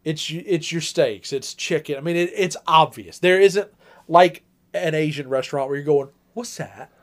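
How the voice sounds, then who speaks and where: Fairly high-voiced man telling long anecdotes. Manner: drawn-out anecdotes, mild swearing. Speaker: podcast co-host. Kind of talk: casual chat.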